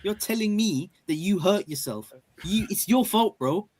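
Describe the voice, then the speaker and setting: High-pitched man mocking players. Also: lively intonation, a little mellow. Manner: fast, mocking, says bro and bruv a lot. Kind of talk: casual football banter.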